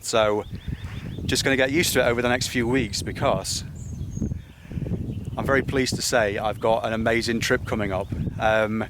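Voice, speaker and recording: A man chatting casually to camera on a cliff top, relaxed and enthusiastic. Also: mid-range voice, moderate pace. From England. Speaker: outdoor vlogger. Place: cliff top outdoors at evening. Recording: noisy outdoor camera audio.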